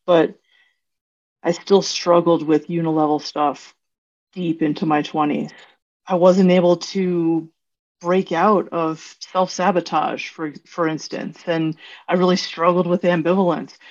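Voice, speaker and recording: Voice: mid-range voice, little pitch movement, a little slow. A podcast host asking curious questions and reflecting earnestly in a conversational interview. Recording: dull lo-fi recording.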